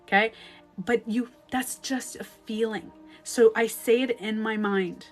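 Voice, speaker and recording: A woman's voice: a little high, unhurried. Woman relationship coach on a casual livestream: blunt, emphatic, swears freely, voices inner thoughts aloud, faint music underneath. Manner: acts out inner thoughts in quoted asides. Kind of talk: casual livestream advice talk.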